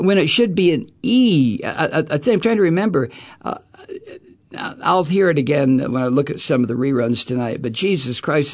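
A middle-aged man hosting a talk radio show, ranting about politics in an angry, profane, sarcastic way. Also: fairly high pitch. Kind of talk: political rant.

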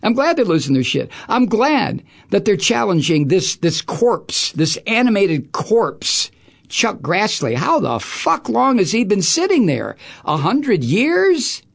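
A middle-aged male talk radio host delivers an angry, profane political rant laced with sarcasm. His voice swings widely between low grumbles and sharp peaks. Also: wildly swooping pitch, slow pace, gravelly.

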